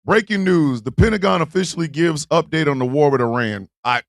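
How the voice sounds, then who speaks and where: A man hosting a live stream, talking loud and profane and laughing often. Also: a little high, fairly quick, no echo, studio quality.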